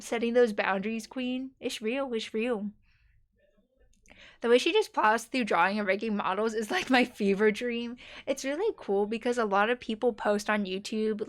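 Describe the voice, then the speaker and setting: A young woman streamer chatting casually with her viewers, rambling and giggling and dropping playful slang. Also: mid-range voice.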